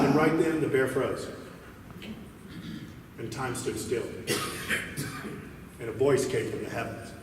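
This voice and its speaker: A man's voice: mid-range voice, slow pace, pauses often, very noisy. A man giving a conference talk, a folksy storyteller who livens up in his jokes. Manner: folksy storyteller, animated in the joke. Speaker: conference speaker. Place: large conference hall. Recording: echoey hall from far off.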